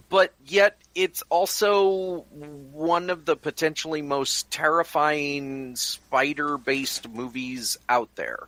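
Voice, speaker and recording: A man chatting on a podcast, talking slowly with many hesitant fillers. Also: on the high side, a bit bright, dry recording. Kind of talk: casual podcast chat.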